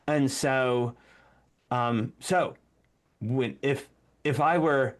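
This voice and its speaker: Somewhat slow and mid-range, with long pauses, this male podcast co-host keeps the conversation casual and animated. He breaks into performed commands in the middle of his explanations.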